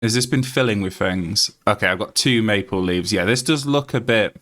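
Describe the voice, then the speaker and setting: Low-voiced Yorkshire man streaming a game. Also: normal speed, fairly bright tone. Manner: chatty, rambling, reads aloud with many fillers. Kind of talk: casual live-stream chat.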